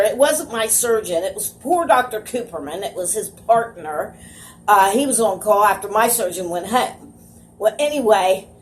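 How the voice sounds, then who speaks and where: Woman vlogger, casual storytelling, rambling and dramatic. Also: medium pitch.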